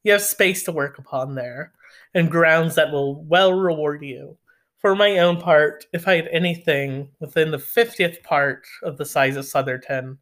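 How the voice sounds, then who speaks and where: A reader voicing a bossy, meddling older aunt in an audiobook, officious and quick to take offense. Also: a bit bright, natural voice. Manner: shrill, indignant, officious.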